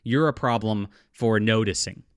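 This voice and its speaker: A man hosting a solo opinion commentary, indignant and sarcastic, often restarting his sentences and filling pauses. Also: fairly low pitch, clean tone, no room sound, studio quality. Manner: indignant and sarcastic, with frequent fillers and repeated restarts. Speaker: political commentary host.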